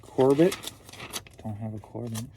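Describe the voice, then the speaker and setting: A man's voice: mid-range voice, a little slow, mellow, slight background noise. A man from St. Louis, Missouri, chatting casually at home, joking and riffing playfully on names as he goes. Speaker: online reseller. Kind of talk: casual rambling chat.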